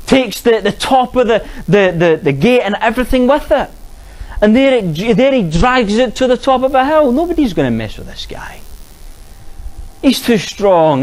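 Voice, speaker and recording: Earnest man, high-pitched, preaching a storytelling sermon. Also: low-quality recording. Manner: earnest, rhetorical questions.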